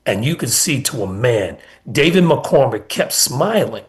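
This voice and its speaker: A middle-aged man speaks as a former basketball coach, earnestly recounting stories from past seasons. He repeats his key points for emphasis and builds his answers in steady runs. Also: medium pitch, normal speed, hardly any pauses. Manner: earnest storytelling with emphatic repetition. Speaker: former college basketball assistant coach, guest. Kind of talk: sports radio interview.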